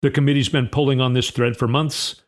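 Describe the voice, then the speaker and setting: Man, casual political commentary, reads news aloud, mid-pitched voice. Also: flat delivery, brisk. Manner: reads news excerpts aloud, conversational asides.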